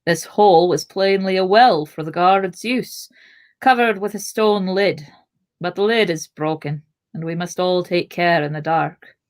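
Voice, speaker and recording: A woman's voice: fairly low pitch, a little slow, close to an everyday voice. A woman doing a blunt dwarf warrior. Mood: matter-of-fact. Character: gruff male dwarf warrior.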